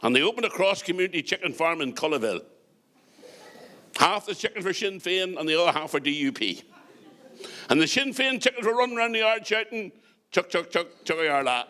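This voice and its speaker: A man's voice: high voice, pushed and bright. A middle-aged man with a Northern Irish accent doing stand-up comedy, firing off jokes with chatty asides to the crowd. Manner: joke-telling, quick punchlines, chatty asides to the crowd. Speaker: comedian and compere.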